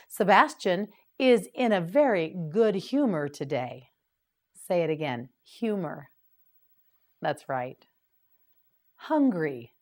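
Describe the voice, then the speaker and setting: A woman teaching English vocabulary to beginners, repeating each word slowly and clearly with patient prompts. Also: fairly low pitch, a little mellow. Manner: patient, clearly enunciated repetition. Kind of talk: slow vocabulary drill for beginners.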